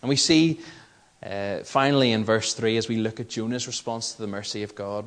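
A man with a Northern Irish accent preaching a sermon, earnest and measured, building his points through emphatic repetition. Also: mid-range voice. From Northern Ireland.

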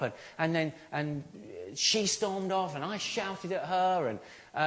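A man's voice: high voice, a little slow, a bit bright. A man, a pastor, preaching a sermon in an earnest, conversational way, with rhetorical questions and frequent restarts.

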